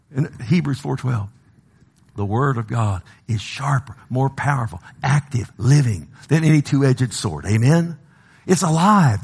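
A man preaching a sermon with passion, swinging from loud exhortation to low, slow emphasis and calling out to the congregation. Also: gravelly, breathy edge.

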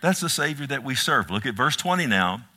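A man's voice: medium pitch, very animated, a little fast, pushed and bright. A man preaching a sermon in a church, reading scripture, calling for amens and breaking into joking asides. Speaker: pastor.

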